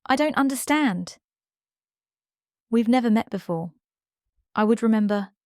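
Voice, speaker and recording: Woman voicing a wary young woman artist, tense questions, slightly raised pitch, dry close sound, storybook. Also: expressive, a little slow, a little mellow, no room sound. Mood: wary, bewildered.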